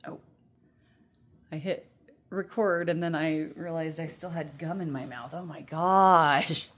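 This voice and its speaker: A woman in her thirties with a low-pitched voice gives a casual pick-a-card tarot reading from home. She talks into earbuds in a loose, rambling way, full of fillers, and laughs often as she goes. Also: fairly even intonation, measured pace. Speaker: tarot reader.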